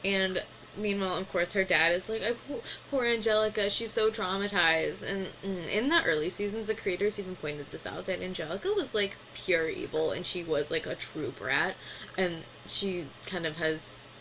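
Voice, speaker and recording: A woman's voice: fairly low pitch, moderate pace, fairly bright tone, slight background noise, poor audio. A woman casually recapping a cartoon episode in a chatty way, with lots of filler words. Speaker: cartoon reviewer.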